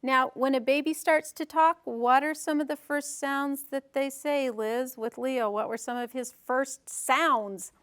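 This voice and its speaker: A woman's voice: high-pitched, steady tone, measured pace, hardly any pauses, fairly bright tone, smooth. A woman leading a parenting workshop on nursery rhymes, talking to a small group and reading in a sing-song, playful way. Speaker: workshop presenter.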